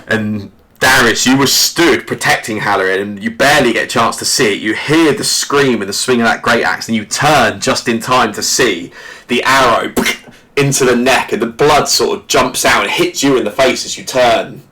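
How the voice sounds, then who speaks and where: A man narrating a tabletop game as game master, halting often with "sort of" and restarts. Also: mid-range voice, sharp tone.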